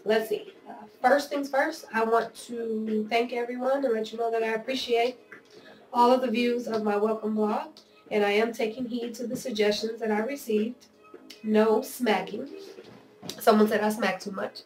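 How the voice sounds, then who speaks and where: A woman's voice: fairly high pitch, steady tone, normal speed, a little mellow, soft background music. A woman with a nasal voice from a cold, talking earnestly and candidly to her viewers in a personal video blog. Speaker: video blogger. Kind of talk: personal vlog monologue. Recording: roomy echo, voice a bit off-mic.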